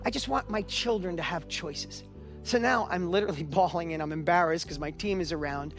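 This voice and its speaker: Middle-aged guy, high voice, motivational stage talk, emotional storytelling. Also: fairly quick, fairly bright tone, faint music behind. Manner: storytelling, emotional, builds to urgent exhortation. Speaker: event speaker.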